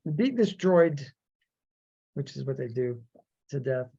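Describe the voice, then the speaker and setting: Brief: male podcast host, casual rambling chat, lively delivery, muffled low-fidelity recording. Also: measured pace, creaky, husky. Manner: rambling, animated, acts out quotes. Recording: dull lo-fi audio.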